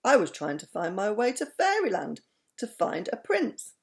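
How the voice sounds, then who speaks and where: A woman voicing a brisk little male gnome who flies an aeroplane in a storybook reading. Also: medium pitch, wildly swooping pitch, vocal fry. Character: small long-nosed gnome aeroplane pilot, male.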